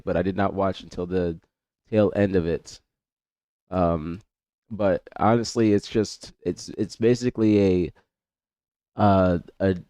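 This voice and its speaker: A man's voice: on the low side, warm tone, no echo. A young man with a congested voice, chatting loosely with his stream chat, greeting viewers by name and often repeating himself. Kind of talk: casual livestream chat.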